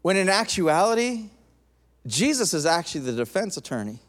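A man preaching a sermon with an animated delivery, swinging from lively emphasis to a soft, intense tone. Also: high voice, moderate pace, long reverb tail. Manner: animated, acts out quoted voices, drops to soft intense tone.

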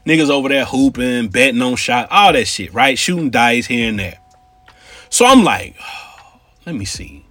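A man from Cincinnati spins a story in a husky, slightly raised voice, his pitch bouncing with animated energy. He talks in street slang and turns to his listeners with asides. The sound is dry and close, with faint music behind. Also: dry recording. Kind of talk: casual storytelling.

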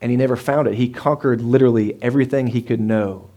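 A man in his thirties preaches to his congregation in a loose, conversational way, with plenty of asides and quick questions to the room. His voice sits at an ordinary middle pitch for a man, and he speaks from the pulpit of a church sanctuary. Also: fairly even intonation, mellow. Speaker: pastor. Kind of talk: sermon.

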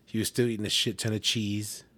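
A man's voice: flat delivery, a little fast, pushed and bright. A man chatting casually on a podcast, telling stories with plenty of swearing and acting out what people said. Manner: profane, storytelling, acts out quotes in a high voice. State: eating while talking. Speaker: podcast co-host. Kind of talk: casual chat.

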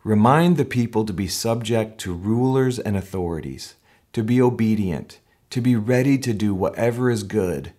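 A male pastor preaching a sermon in an earnest way that climbs into excited emphasis. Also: on the low side.

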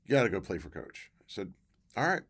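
This middle-aged man, once a football player, is a guest in a casual interview telling his story. His low voice is creaky and husky, he talks fast, and he performs quoted voices with bursts of excitement.

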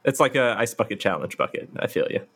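A man's voice: mid-range voice, animated, fast, husky. A man playing a tabletop game, easygoing and wry. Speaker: player. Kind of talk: casual tabletop role-play. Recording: loud background noise.

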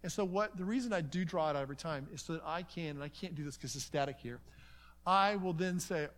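He speaks quickly, his voice on the high side, while teaching a seminar at a conference. Stories carry the talk, and he animates them by playing out conversations and slipping in many asides.

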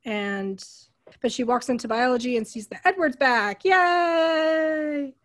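A woman's voice: fairly high pitch, moderate pace. A young woman co-hosting a casual podcast, critically retelling a movie's scenes. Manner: chatty, critical, animated retelling. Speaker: podcast co-host. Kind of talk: casual movie recap chat.

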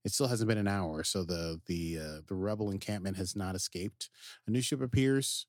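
A man co-hosting a podcast, recapping episodes in casual, animated chat. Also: low voice, normal speed, dry recording, studio quality. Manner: animated, jumps into quoted character voices. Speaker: podcast co-host.

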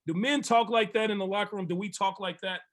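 A man's voice: sits high, steady tone, fast, a bit bright. A man with a Los Angeles accent hosting a loose, laughing talk show and quizzing his panel. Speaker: host. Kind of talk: casual podcast chat. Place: radio studio.

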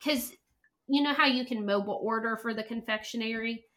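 A woman chatting as a guest, an animated storyteller who acts out quotes. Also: fairly high pitch, fairly quick. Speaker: podcast guest, travel planner. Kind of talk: casual chat.

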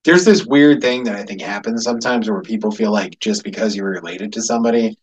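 A man co-hosting a casual podcast, chiming in with jokes and quick remarks. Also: lowish voice, breathy edge, far from the mic. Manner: joking interjections, quick to chime in. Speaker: podcast co-host. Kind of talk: casual chat.

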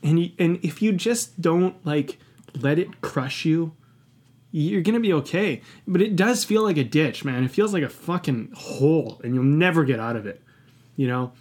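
A man's voice: fairly high pitch, lively intonation, normal speed, darkish tone. A man talking candidly in a podcast conversation, passionate and emphatic, swearing often and reflecting earnestly on his own past.

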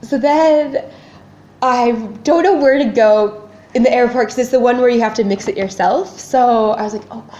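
A woman co-hosting a casual chat, telling her story with animated, acted-out panic. Her voice sits a little high. The sound is dull and lo-fi, in an echoey room. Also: normal speed. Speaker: podcast co-host.

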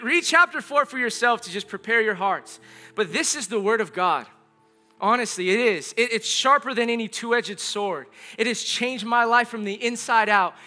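Bright high-voiced male pastor preaching. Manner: earnest, conversational, repeats phrases. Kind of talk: sermon.

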